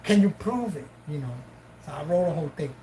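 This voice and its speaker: A woman's voice: low-pitched, a little fast, slight background noise, poor audio. A woman host casually telling a story on a live stream, swearing freely and acting out both sides of the dialogue. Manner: profane, animated, acts out both sides of dialogue.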